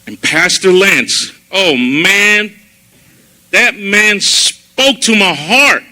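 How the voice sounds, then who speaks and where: Man doing church testimony, high and sharp-toned voice, animated storyteller. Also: very slow, rough recording. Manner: animated storytelling, acting out his own past words. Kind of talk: personal testimony sermon. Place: church service.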